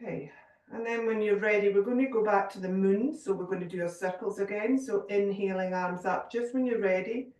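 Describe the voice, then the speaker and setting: A woman guiding a yoga class, giving calm, gentle cues with a little humour. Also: medium pitch, a little fast, distant mic. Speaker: yoga teacher. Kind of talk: guided yoga class instruction. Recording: echoey room, voice from off mic.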